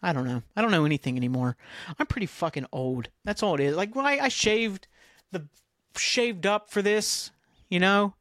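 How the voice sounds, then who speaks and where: A man's voice: sits high, expressive, moderate pace, a bit bright, no echo, studio quality. A middle-aged man hosting a solo podcast, chatting in a scattered, self-mocking, profane way. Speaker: podcast host. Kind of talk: rambling solo podcast chat.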